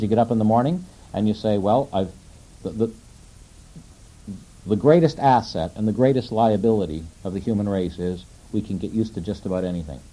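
A man preaching a sermon in a conversational way, asking his listeners questions and slowing down to quote scripture. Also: on the low side, warm tone, poor audio. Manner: conversational, asks the audience questions.

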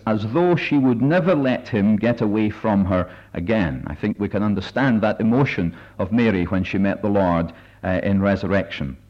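A man leading a Bible study meeting, speaking in a careful, measured way with many filler pauses as he reads and explains passages. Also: on the low side. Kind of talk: measured sermon-style talk with readings. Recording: dull lo-fi recording.

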